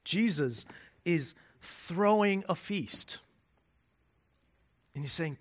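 A man preaching a sermon as pastor. He repeats and restarts words as he searches for phrasing, and he builds from quiet emphasis to rising intensity. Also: a little high, animated, extremely slow, long pauses.

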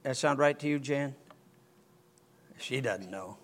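An older man preaching a sermon, telling a story in an animated way and rising to near-shouts. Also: mid-range voice, slow pace. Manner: animated, rises to near-shouting when excited. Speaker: pastor.

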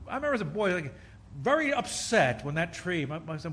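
A middle-aged male preacher delivering a sermon, telling stories with sudden loud emphasis and bursts of laughter. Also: high-pitched, expressive, quick pace.

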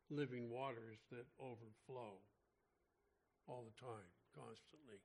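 With a mid-range, fairly bright voice, a man leads an informal Bible study sermon. The Bible teacher talks conversationally with frequent restarts and brings up his irregular heartbeat.

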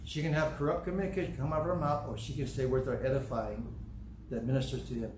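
A man's voice: medium pitch, quick pace. An older man preaching a sermon, telling stories and acting out the quotes. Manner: animated storytelling, acts out quotes. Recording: echoey room, faint background hum.

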